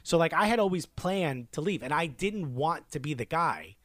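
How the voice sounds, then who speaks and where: A man from Newark in his thirties tells a story in a relaxed podcast conversation, slipping into the voices of the people in it. His voice sits a bit high for a man. It is recorded close and dry, with no room sound. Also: normal speed, dry recording. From Newark, New Jersey. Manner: animated storyteller who acts out quoted dialogue. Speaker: podcast co-host telling a story. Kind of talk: casual chat, storytelling.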